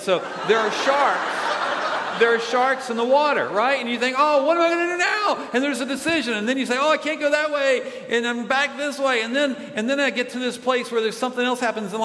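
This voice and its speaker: A male pastor giving a playful, animated children's sermon with comic asides, in a church. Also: high-pitched. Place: church sanctuary. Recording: echoey hall.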